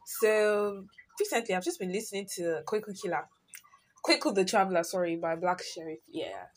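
A woman's voice: medium pitch, normal speed. Earnest teenage Nigerian girl podcaster. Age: teens. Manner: chatty and earnest, swings between loud bursts and soft asides. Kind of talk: casual personal monologue.

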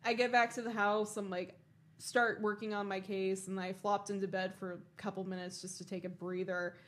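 A young woman co-hosting a podcast, telling animated, swear-filled stories and laughing often. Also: medium pitch, moderate pace. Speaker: podcast co-host. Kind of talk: casual chat.

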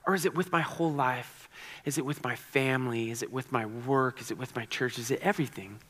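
A man's voice: medium pitch, a little fast, fairly bright tone, big-room sound. A man preaching a sermon in a conversational, earnest way, often repeating words and restarting sentences. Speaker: pastor.

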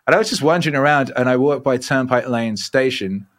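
A man's voice: medium pitch, a little fast. A man in his forties, a musician guest telling rambling, profane stories in a casual interview. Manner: profane, rambling, animated storyteller.

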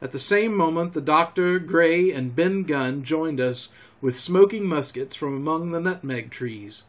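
A man hosting a storytelling show, reading a classic novel aloud in a calm, homely way. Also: fairly high pitch, unhurried. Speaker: storyteller host.

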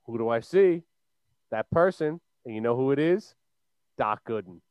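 Animated and at a moderate pace, a young man from Long Island, New York, co-hosts a casual chat show and tells a meandering story full of fillers and restarts. His medium-pitched voice is clear and resonant. The recording is dry and the audio dull.

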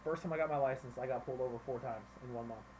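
A man hosts a laid-back podcast and talks at a quick clip, cursing as he tells stories. His voice sits in a middle range. A faint hum of ambience runs underneath. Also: medium pitch, a little mellow, low-quality recording. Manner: fast storyteller, swears, acts out voices in quotes. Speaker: podcast host. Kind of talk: casual chat over beers.

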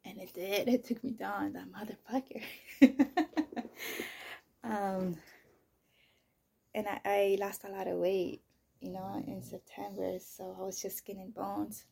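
A woman hosting her own podcast, telling a personal story in a casual, rambling, profane way, full of "you know" and "like", often dropping into soft, breathy near-whispers. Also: mid-range voice, fairly even intonation, slow pace, pauses often. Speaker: podcast host.

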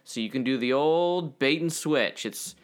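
A man's voice: medium pitch, unhurried, smooth. A man co-hosting a podcast, chatting casually and rambling into jokey asides. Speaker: podcast co-host. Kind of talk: casual chat.

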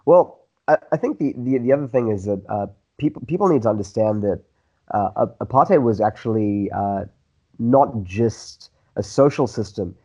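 A man from South Africa with a lightly worn South African Indian accent, telling stories in a relaxed, rambling way as an interview guest. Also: fairly low pitch, normal speed, slightly rough, rough recording. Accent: South African Indian, diluted. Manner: relaxed, rambling with restarts and fillers. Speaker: guest, actor. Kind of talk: casual interview storytelling.

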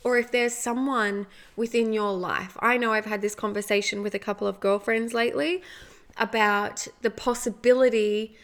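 A woman's voice: on the high side, fairly even intonation, moderate pace. A woman, hosting a casual motivational podcast and talking in a chatty way, often adding "like" and "right?". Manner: chatty, frequent "like" and "right?" asides. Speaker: podcast host.

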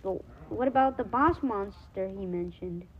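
A woman reading a storybook aloud and voicing a sassy, quick young girl. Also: mid-range voice, lo-fi sound, slight background noise, natural voice. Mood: curious.

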